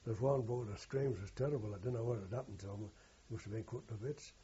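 An older man tells a long oral-history story in a rough, earthy and rambling way, often stopping to correct himself. His voice is dark and very husky. The recording is dull and lo-fi. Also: fairly low pitch, fast talker. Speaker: war veteran interviewee.

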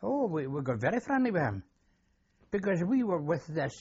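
Very animated and speaking at a moderate pace, this war veteran has a fairly high, darkish, husky voice. He's an older Scottish man recounting memories in an oral history interview, plain in speech and given to repeating himself, captured on a muffled recording.

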